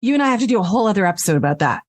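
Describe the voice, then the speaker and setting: In a casual interview, a voice actress speaks frankly and animatedly, swearing without restraint. Her mid-range voice swings widely in pitch and races along, recorded with no echo in her home recording space.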